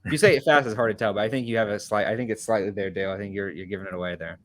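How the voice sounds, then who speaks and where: An American man chatting on a panel, animated and curious, asking questions with lots of filler words. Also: on the low side, racing. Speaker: panel host. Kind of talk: casual chat.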